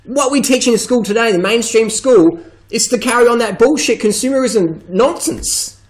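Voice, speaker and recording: A man's voice: extremely high pitch, moderate pace, rough recording. A man ranting bluntly and profanely to camera as a vegan fitness vlogger. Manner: blunt, swearing, emphatic, mocking quoted voices.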